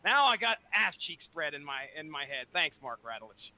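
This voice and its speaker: A man's voice: fairly high pitch, big pitch swings, brisk, no room sound. A man co-hosting a casual podcast, joking and swearing casually. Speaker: podcast co-host. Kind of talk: casual chat. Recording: tinny phone-like sound.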